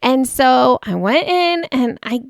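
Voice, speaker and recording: A woman's voice: high voice, expressive, takes it slowly, gravelly, no echo, studio quality. A woman hosting a podcast, telling a personal story in a chatty way and laughing at herself. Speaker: podcast host.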